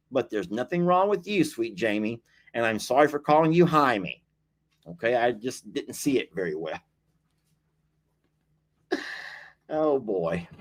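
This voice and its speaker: Lively man chatting on a livestream. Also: on the high side. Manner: chatty, laughs often, teasing and apologetic. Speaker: livestream host reading viewer comments. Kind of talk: casual live-stream chat.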